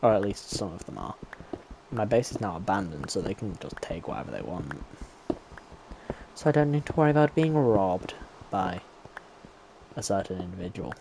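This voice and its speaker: A gameplay streamer talks to himself as he plays, keeping up casual, chatty commentary. His low, creaky voice has a sing-song lilt at normal speed, broken by long pauses, with background noise behind it.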